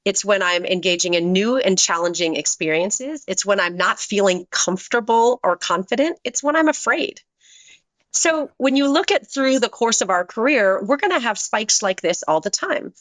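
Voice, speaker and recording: A middle-aged woman, a guest on a podcast, telling a personal story in an earnest way and shifting her pitch when she quotes other people. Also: animated, normal speed, a bit bright, no echo. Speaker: guest, business leader and author.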